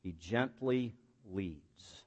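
A man's voice: fairly low pitch, lively intonation, very slow, darkish tone. A man preaching a sermon as pastor, building emphatic points with rhetorical questions and folksy, self-deprecating asides.

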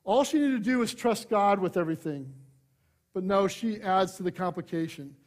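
A man preaching a sermon, shifting from loud emphasis to hushed asides, conversational with light humor. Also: high voice, expressive, normal speed. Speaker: pastor.

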